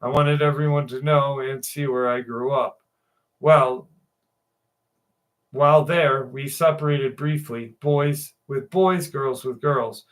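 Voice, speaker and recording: A man hosting a live show, reading a viewer's story aloud and then chatting loosely with his live chat, joking and swearing freely. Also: medium pitch. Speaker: show host.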